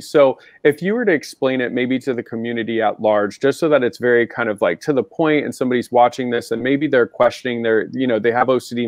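A man's voice: medium pitch, dry recording, clean studio sound. A man with an American accent hosting a live panel over a video call, chatty and enthusiastic. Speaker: host.

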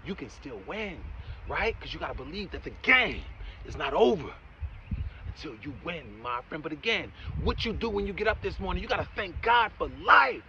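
A man giving a motivational talk in a preachy, encouraging way, often saying "my friend" and "right?", and swinging between loud emphatic bursts and quiet asides. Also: fairly high pitch, sing-song, normal speed, vocal fry, highs cut off. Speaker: motivational speaker.

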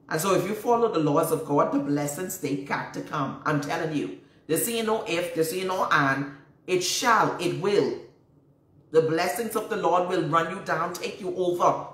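A woman, a prophetess preaching emphatically to viewers, repeating herself and citing scripture. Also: sits low. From Bahamas. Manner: emphatic and repetitive, cites scripture. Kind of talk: preaching, answering viewer questions. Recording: roomy, distant mic.

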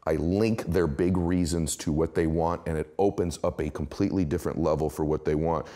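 A middle-aged man speaking as an interview guest, telling motivational stories with emphatic, animated delivery. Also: extremely low pitch, brisk.

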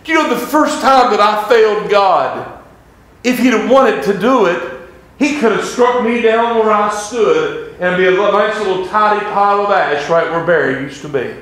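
A man preaching a revival sermon in a fervent, conversational way, dropping into old-style wording when he reads scripture. His voice sits fairly high for a man. The sound rings with heavy echo from the church sanctuary around him. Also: moderate pace, a bit bright. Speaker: evangelist preacher.

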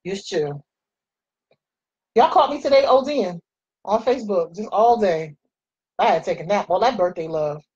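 Husky woman in her forties, chatty. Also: mid-range voice, lively intonation, normal speed, long pauses, a little mellow, lo-fi sound. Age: 40s. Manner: chatty, playful, talks to viewers as y'all. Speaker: makeup vlogger. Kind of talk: casual chat while doing makeup.

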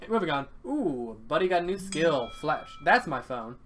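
A young man giving casual, excitable commentary over his gameplay. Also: on the high side, moderate pace, slight background noise. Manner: excitable, swears and yelps at the game. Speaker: let's play gamer.

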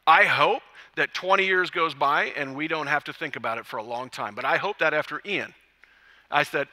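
A man preaching a sermon as pastor at a church service, a lively, joking storyteller who acts out quotes. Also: fairly high pitch, normal speed, big-room sound.

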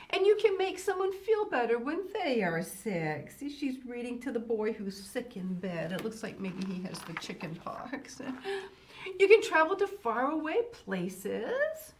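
An older woman reads a picture book to children with a high voice that swoops up and down. She talks in a fussy, grandmotherly way and breaks in often with little exclamations. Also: big pitch swings, unhurried, slight background noise. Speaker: children's show host.

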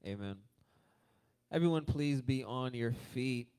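A man's voice: mid-range voice, unhurried, dark tone, clean tone. A man leading the testimony time at a church service, sharing his own testimony and rallying the congregation in an upbeat way. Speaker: service emcee. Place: church sanctuary.

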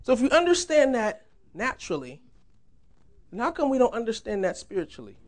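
A man's voice: very high-pitched, huge pitch swings, fairly quick. A young man giving a sermon in a church, conversational and humorous, laughing often. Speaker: preacher.

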